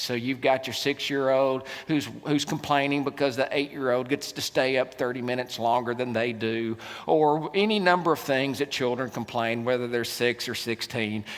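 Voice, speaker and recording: A middle-aged man, preaching a sermon as a keynote speaker, telling stories with humor and big swings in loudness. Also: fairly high pitch. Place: large hall. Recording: reverberant hall.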